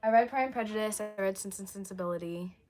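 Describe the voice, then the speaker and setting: A young woman chatting on a livestream, rambling and answering viewer comments, her voice going hoarse. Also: mid-range voice, fast talker, darkish tone. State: losing her voice, coughing. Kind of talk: casual livestream chat.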